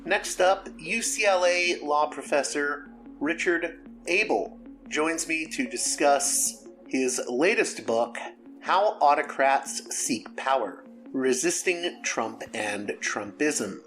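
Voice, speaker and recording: A man's voice: a little high, expressive, takes it slowly, a bit bright, soft background music. Man hosting a podcast interview. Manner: conversational, filler-heavy. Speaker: podcast host.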